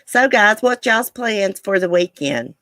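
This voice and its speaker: A woman's voice: medium pitch, expressive, measured pace, a bit bright, no room sound. A woman hosting a casual live chat with viewers, blunt and profane. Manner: blunt, angry and profane, then chatty. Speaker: livestream host.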